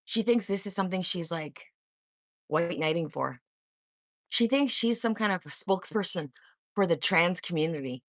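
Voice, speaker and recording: Addressing her viewers directly, a livestream host delivers a heated monologue to the live chat, sarcastic, confrontational and full of swearing. Her pitch jumps up and down with lively intonation at a normal speed, and the recording is dry and close with no room echo.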